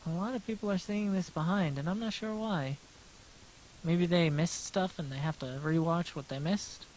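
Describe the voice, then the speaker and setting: Man, livestream chat, sketching, rambling, self-deprecating, halting restarts. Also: fairly high pitch, a little mellow, slight background noise, poor audio. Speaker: streamer and artist. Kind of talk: casual livestream chat while drawing.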